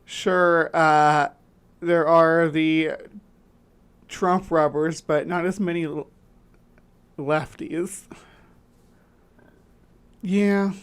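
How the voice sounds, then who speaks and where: A woman's voice: sits low, steady tone, very slow, long pauses, clean tone. A woman hosting a casual livestream chat, rambling and restarting her sentences with lots of fillers. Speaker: livestream host.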